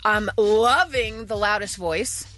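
A woman's voice: mid-range voice, slow pace, fairly bright tone, soft background music. A woman hosting a radio show, reading entertainment news and teasing her co-hosts. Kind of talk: morning radio banter.

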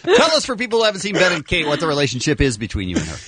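Lively, higher-voiced male radio host. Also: rapid-fire, husky, no room sound. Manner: teasing, asks questions, chuckles between lines. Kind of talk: casual radio interview.

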